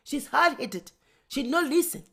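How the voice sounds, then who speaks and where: A sheepish middle-aged African husband voiced by a woman mumbles in a low, hushed voice with a West African French accent. He dodges everything with flat, deadpan refusals. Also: unhurried, vocal fry, heavily acted. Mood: pleading. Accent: put-on West African French.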